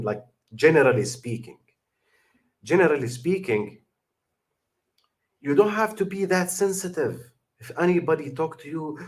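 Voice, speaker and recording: Emphatic English-speaking man. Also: a little high. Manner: non-native English with many fillers and restarts, emphatic. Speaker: channel host reacting to a video. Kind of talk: casual livestream commentary.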